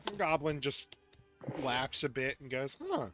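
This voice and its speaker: A man narrating as game master in a tabletop game, halting and restarting his phrases. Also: mid-range voice, fairly even intonation, music in the background.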